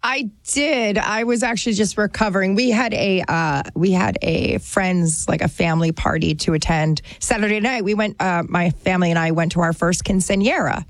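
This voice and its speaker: A woman's voice: lowish voice, moderate pace, few pauses, dry recording. Bubbly, chatty woman on a dry studio mic. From New Jersey. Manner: bubbly, chatty, laughs often. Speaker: radio show regular. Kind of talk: casual radio chat.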